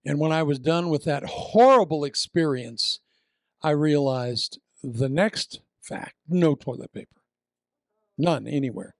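A middle-aged man preaching with a slightly high, gravelly voice. He tells his story with animated bursts and drops low for prayer. The sound is dry and close. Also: measured pace, no echo. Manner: animated storytelling, shouted punchlines, then soft prayer. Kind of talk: sermon with humorous story.

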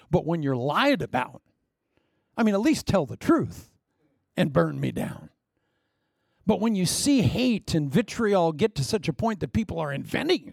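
A man preaching a sermon, animated and humorous, acting out the voices of the people he quotes. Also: on the high side, creaky, dry recording, clean studio sound. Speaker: pastor.

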